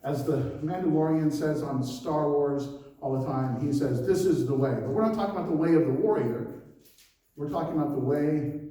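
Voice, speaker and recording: Echoey pastor preaching from afar. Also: male voice, medium pitch, warm tone. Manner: conversational preaching with laughs and asides. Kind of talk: sermon. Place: church hall. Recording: very echoey church hall, mic at a distance.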